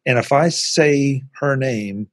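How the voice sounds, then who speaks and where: A man's voice: mid-range voice, takes it slowly, no room sound, studio quality. A man hosting a podcast, chatting casually about tech and often repeating words as he starts a thought. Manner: conversational, repeats words when starting sentences. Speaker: podcast host.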